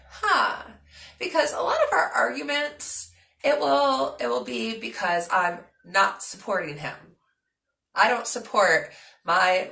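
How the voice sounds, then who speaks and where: A young woman chatting casually to her vlog audience, animated and talkative with lots of fillers. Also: medium pitch, creaky, roomy sound. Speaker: vlogger.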